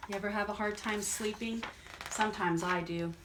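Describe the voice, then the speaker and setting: A woman librarian leading a toddler storytime, reading books aloud and gently asking the children questions. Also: medium pitch, fairly even intonation, moderate pace, noisy background.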